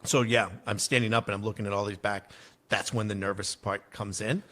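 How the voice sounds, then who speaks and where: A man who is a guest on a podcast and a former army officer, telling stories in an animated way and swearing casually. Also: lowish voice, fairly quick. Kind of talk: casual interview storytelling.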